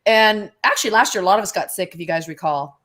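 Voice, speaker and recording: A woman's voice: mid-range voice, fast, a bit bright. A woman in her sixties, a guest on a live video-call chat, talking chattily and laughing often. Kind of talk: casual live-chat interview.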